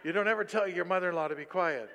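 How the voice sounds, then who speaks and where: A tired male pastor preaching a sermon, animated and breaking into loud bursts when he quotes. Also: sits high, fast talker, slight background noise. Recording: long reverb of a large hall.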